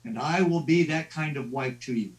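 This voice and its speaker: A man voicing an ugly little old woman who calmly offers a choice, in a story he tells. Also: mid-range voice, moderate pace, pitched below the performer's own voice, close to an everyday voice, low-quality recording. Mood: offering.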